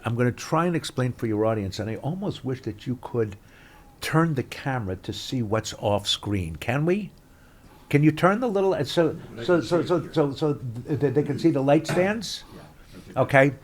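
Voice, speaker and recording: A man, a guest actor telling stories in an animated interview chat, swinging between loud bursts and mutters. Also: mid-range voice.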